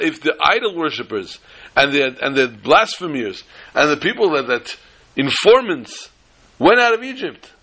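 Husky-voiced man teaching a Torah class. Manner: animated storyteller who jumps to high pitch for emphasis. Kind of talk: informal Torah class with jokes.

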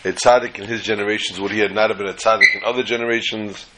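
A man's voice: on the low side, fairly even intonation, fast talker, very noisy. Male rabbi, casual storyteller giving a Torah class with jokes. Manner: chatty storyteller, acts out jokes. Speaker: rabbi teaching a weekly class.

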